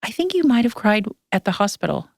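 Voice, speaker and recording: Her mid-range voice swings widely in pitch, runs a little fast, and has a gravelly texture, recorded clean in the studio on a podcast mic with no echo. A woman in her thirties, she hosts a podcast and tells rambling, emotional stories in casual chat, welling up as she speaks.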